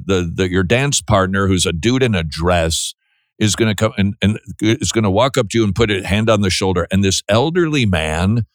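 A man's voice: deep voice, dry recording, clean studio sound. A man hosting a Christian call-in radio show, earnest and preachy, stumbling through restarts and breaking into jokes now and then. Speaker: radio host.

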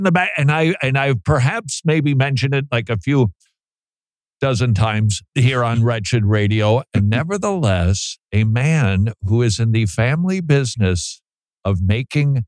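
A man's voice: mid-range voice, dry recording, studio quality. A man hosting a talk radio show, chatting casually with joking, self-deprecating asides.

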